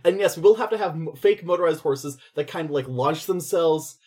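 A man co-hosting a podcast, chatting casually and laughing as he pitches ideas. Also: a little fast, mellow, breathy edge. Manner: chatty, laughing, acts out quoted lines. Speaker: podcast co-host.

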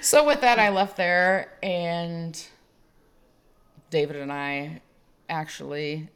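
A woman co-hosting a podcast, telling a dating story in casual chat, animated and laughing as she goes. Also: fairly low pitch, slow, clear, resonant tone. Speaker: podcast co-host.

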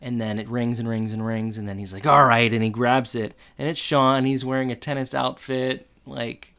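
A man talks through a sitcom episode with his co-host in a relaxed way. He tells rambling little anecdotes and slips in puns to tease her. His voice sits at an everyday middle pitch. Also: normal speed, smooth. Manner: joking, teasing, makes puns and tells loose anecdotes. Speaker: podcast co-host. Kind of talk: casual chat recapping a sitcom episode.

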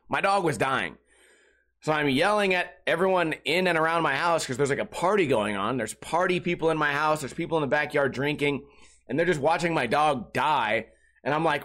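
A young man hosting his solo live-streamed podcast, telling stories in a rambling, animated way with lots of swearing, a bit tired after just waking up. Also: a little high. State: a little tired, just woke up. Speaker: podcast host.

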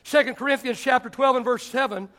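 A man's voice: very high-pitched, quick pace. A man preaching a sermon as pastor, telling stories and acting out the people he quotes. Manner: animated storytelling preacher, acts out quotes.

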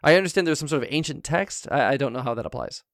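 Flustered talk show host guy, kinda high voice, stammers a lot, dry sound. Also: expressive, fast talker, a bit bright, no echo. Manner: flustered, stammering, many restarts. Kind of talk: improvised comedy interview.

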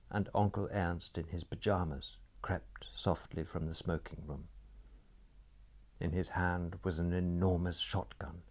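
A man narrating a story in a dry, measured storytelling manner. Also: sits low, darkish tone.

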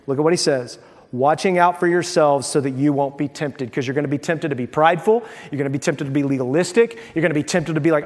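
High-voiced man preaching in a reverberant hall. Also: fast talker, darkish tone. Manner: conversational, humorous storytelling with scripture reading. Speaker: pastor. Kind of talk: sermon.

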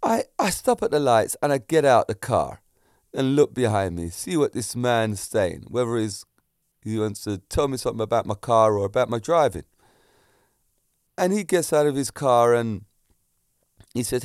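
Animated middle-aged man telling a story. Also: medium pitch, moderate pace, dry recording, studio quality. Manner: animated, acts out voices in his stories. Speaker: kickboxing instructor. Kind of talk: casual storytelling to camera.

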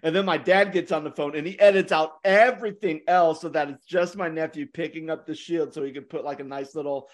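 A man's voice: a little high, fairly even intonation, brisk, few pauses. A young man co-hosting a podcast, telling a story in a casual way, with joking asides and frequent laughter. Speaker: podcast co-host.

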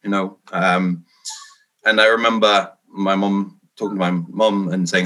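This is a man raised in England who works as a minister, answering interview questions in an earnest, thoughtful way. His voice sits fairly low, with a bright, forward tone, and he pokes gentle fun at himself as he talks. He sounds like he is thinking his answers through as he goes. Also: normal speed, rough recording. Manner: earnest, reflective, self-deprecating. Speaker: Free Church minister.

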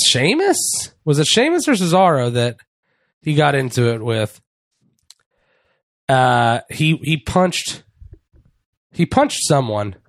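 A man's voice: medium pitch, vocal fry, no room sound. Profane, rambling man recapping wrestling. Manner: profane, rambling, with quick impressions. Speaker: podcast co-host. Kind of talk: casual wrestling recap chat.

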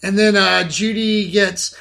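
A man with a high, bright voice co-hosts a casual film podcast. He talks in animated bursts and often repeats words and restarts his sentences. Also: a little slow, vocal fry. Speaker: podcast co-host.

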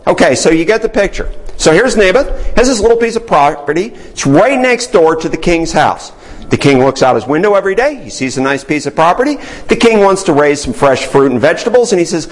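Lively, questioning male Bible teacher. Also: sits high, fairly quick, rough recording. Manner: conversational, asks the group questions. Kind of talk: interactive Bible study teaching.

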